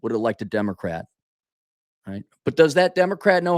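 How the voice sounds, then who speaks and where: Ranting Minnesota-born man with lively pitch. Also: fairly quick, long pauses, no room sound, clean studio sound. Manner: opinionated, ranting, with frequent self-corrections and asides. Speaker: commentator. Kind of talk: opinion monologue.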